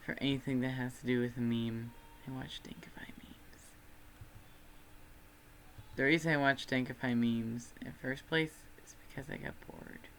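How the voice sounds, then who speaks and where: A man's voice: medium pitch, a bit bright, a little hiss or hum. A young man from Texas with a Texan accent, chatting casually on a livestream in a rambling, self-deprecating way. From Texas, USA. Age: student.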